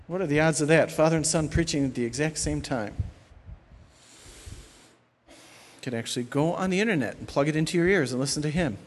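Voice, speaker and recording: A middle-aged male pastor preaching a sermon in an animated way, acting out the voices of the people he describes. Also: fairly high pitch, a little fast, long pauses, big-room sound.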